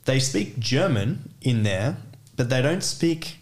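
A man's voice: mid-range voice, animated, takes it slowly. Give me a young Australian guy rambling casually on a podcast. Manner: chatty, rambling with fillers and self-corrections. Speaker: podcast guest. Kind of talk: casual chat.

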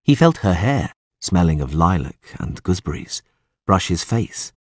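Husky, expressive male audiobook narrator. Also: low voice, normal speed, no room sound, studio quality.

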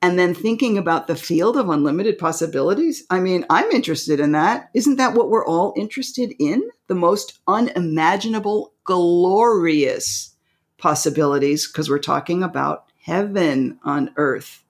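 A woman co-hosting a spiritual podcast, excitable and animated, who acts out little voices and laughs often. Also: on the low side, normal speed. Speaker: podcast co-host.

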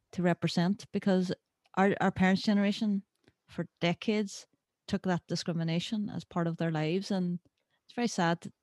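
A young woman speaks earnestly and reflectively in a casual conversation. Her voice sits somewhat low for a woman, and the sound is dry and close. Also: darkish tone, no room sound. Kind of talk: casual chat.

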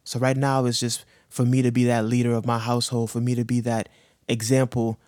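A man's voice: mid-range voice, completely flat delivery, a little fast, a little mellow, no echo, studio quality. A man in his thirties on a podcast, talking earnestly about his cancer with heavy slang and profanity, choked up. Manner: earnest, emotional, urges listeners with slang and profanity. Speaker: guest sharing his cancer diagnosis. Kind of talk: candid podcast conversation.

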